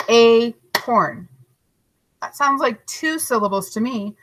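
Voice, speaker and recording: A woman teacher giving a recorded lesson to young children, stretching out each word slowly and encouraging them. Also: medium pitch, sharp tone, slight background noise, poor audio. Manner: slow, drawn-out modeling of words, encouraging.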